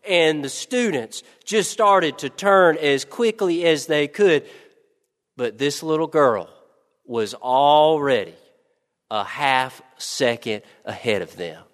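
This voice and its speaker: A male preacher tells a story in a slow, deliberate, reflective sermon. His voice sits slightly high and each phrase trails off in a long reverb. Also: animated.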